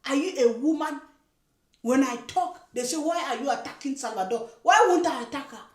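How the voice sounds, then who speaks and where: Woman, high voice, scolding, indignant reaction vlog. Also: animated, a little fast. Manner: scolding, indignant, emphatic repetition. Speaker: YouTube reaction commentator. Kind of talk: casual reaction commentary. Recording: echoey room.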